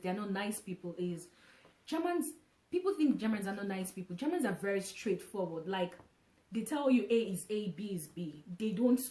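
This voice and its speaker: A woman vlogging casually to camera, from Nigeria, who talks in an animated way, repeating phrases and restarting often. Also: medium pitch, echoey room.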